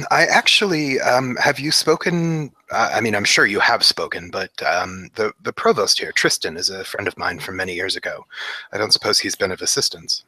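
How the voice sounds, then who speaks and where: A man's voice: lowish voice, lively intonation, moderate pace, bright, forceful tone, slightly rough, no echo. A man playing a tabletop game in character, speaking politely and formally with some hesitation. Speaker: player. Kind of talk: in-character tabletop role-play.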